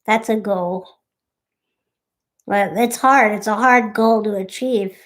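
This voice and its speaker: A woman's voice: medium pitch, slow pace. A young woman co-hosting a casual live stream, chatting and thanking viewers by name.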